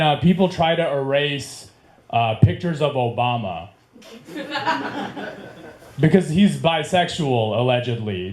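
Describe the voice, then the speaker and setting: A man in his late thirties doing a rambling stand-up comedy set in a club, laughing at his own jokes. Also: on the high side. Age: 30s. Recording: echoey club with faint room noise.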